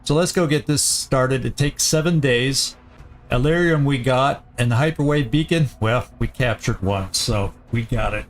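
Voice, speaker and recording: A man hosting a let's play, giving casual gameplay commentary as he thinks aloud, often halting and restarting. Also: medium pitch, faint music behind.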